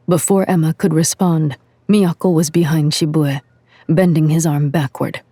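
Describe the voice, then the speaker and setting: Low, husky woman narrating. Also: dry recording. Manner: measured, even storytelling. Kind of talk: scripted audio-drama narration.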